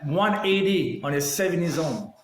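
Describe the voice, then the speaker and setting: A French Canadian man telling stories as a podcast guest, his voice a touch high and swinging widely in pitch. He acts out the voices of the people he quotes as he talks. The sound has a roomy echo around it. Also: moderate pace, a little hiss or hum. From Montreal, Canada. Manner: animated, acts out quoted dialogue. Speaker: podcast guest, former hockey player. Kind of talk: casual storytelling.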